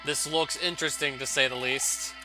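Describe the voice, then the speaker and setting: A man's voice: mid-range voice, fairly even intonation, moderate pace, music in the background. A young man giving casual, wry gameplay commentary, often laughing and reading on-screen text aloud. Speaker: let's play commentator.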